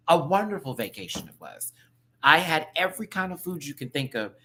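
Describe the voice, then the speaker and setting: A man hosting a casual live-stream review, ranting to his viewers in a sassy, slangy, animated way that swings between loud bursts and soft asides. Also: a little high, fairly quick. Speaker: show review host.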